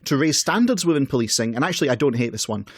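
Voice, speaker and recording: A man's voice: mid-range voice, animated, fast talker, slightly rough, dry recording. A man reads political text aloud on a podcast and adds wry asides. The sound is dry and close to the mic. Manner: wry, reads quotes then comments dryly. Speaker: podcast co-host. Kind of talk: casual chat, reading out manifesto.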